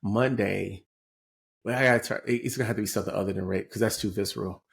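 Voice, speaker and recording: A man's voice: lowish voice, fast talker, vocal fry. A man in his forties co-hosting a podcast, telling stories in casual chat and laughing often. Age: 40s. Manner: animated storyteller, laughs often. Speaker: podcast co-host.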